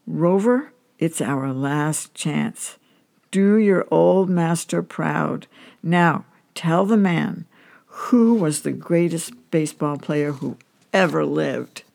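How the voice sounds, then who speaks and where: A woman's voice: mid-range voice, big pitch swings, measured pace, a little mellow. A woman doing a pushy, pleading bar patron. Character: pushy broke man with a dog at a bar.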